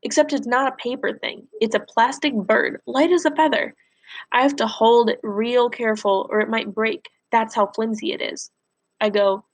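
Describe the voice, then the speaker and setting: A woman teacher reading a novel aloud for a lesson, telling the story expressively and pausing to ask the class questions. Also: medium pitch, steady tone.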